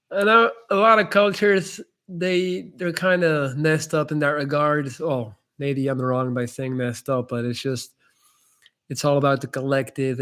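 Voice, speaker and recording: Fielding viewer questions on a relaxed live stream, a young man answers in a blunt, easygoing way and keeps addressing people as "man". His voice is medium-pitched with a fairly bright tone.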